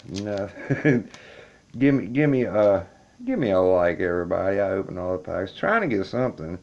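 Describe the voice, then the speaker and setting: Speaking in a deep voice over a noisy background, a man records himself opening card packs in a laundry room with the camera on a table. This YouTuber keeps up casual, chatty commentary for his viewers while growing more and more frustrated.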